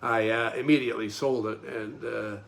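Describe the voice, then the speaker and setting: A man's voice: medium pitch, steady tone, normal speed, gravelly, a bit bright. A man casually telling a personal anecdote, acting out other people's voices and laughing at himself. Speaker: host telling a personal story. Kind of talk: casual storytelling.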